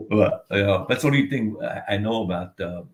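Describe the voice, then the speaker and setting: A man's voice: on the low side, a bit bright. An older man, telling stories as a guest, rambling and swearing freely. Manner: rambling, profane, many "you know what I mean". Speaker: guest, author. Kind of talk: casual storytelling.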